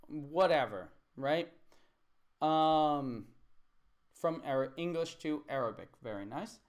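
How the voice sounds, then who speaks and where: A man's voice: a little high, lively intonation, slow pace. A man teaching a live English lesson, patiently repeating words and correcting student sentences.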